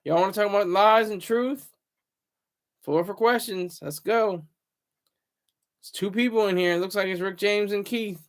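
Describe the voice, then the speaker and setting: A man's voice: high-pitched, normal speed, pauses often, clear, resonant tone. A man in his thirties hosting a casual livestream, rambling loosely and reading viewer comments aloud. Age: 30s. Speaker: livestream host.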